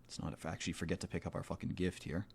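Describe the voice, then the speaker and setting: A man playing a video game delivers rambling, profane, sardonic let's-play commentary in a casual style. He talks very fast in a low, husky, level voice with vocal fry.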